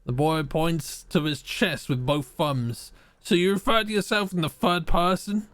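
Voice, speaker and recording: A man's voice: a little high, fairly even intonation, measured pace, a bit bright, no room sound. A man streaming a game live, reading choices aloud and joking with his chat.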